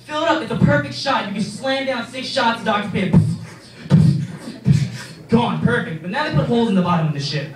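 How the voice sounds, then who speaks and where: A young man doing a stand-up set on a club stage, rambling and profane with animated asides. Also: extremely high pitch, fairly quick, recorded from a distance, noisy background. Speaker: stand-up comedian. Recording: echoey room from afar, crowd.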